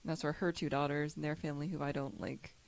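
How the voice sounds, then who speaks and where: A woman's voice: sits low, fairly even intonation, fast talker, creaky. A woman raised in Kentucky, hosting a podcast in a rambling, giggly chat. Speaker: podcast host. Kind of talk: casual chat.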